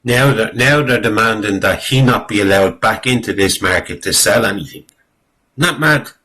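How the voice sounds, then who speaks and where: A man's voice: on the low side, moderate pace, bright, forceful tone, low-quality recording. A man giving rambling, exasperated spoken commentary on a clip, swearing freely and using lots of fillers. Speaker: video commentator.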